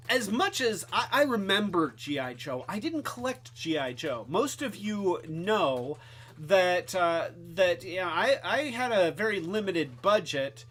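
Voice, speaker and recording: A man's voice: high-pitched, fairly bright tone. A man hosting a casual live-stream toy review, rambling and joking, with lots of restarts and asides. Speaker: host.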